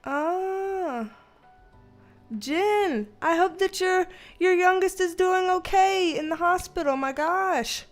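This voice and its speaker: A woman's voice: very high-pitched, unhurried, soft background music. A woman hosting a casual livestream, greeting viewers by name and laughing often. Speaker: livestream host and tarot reader.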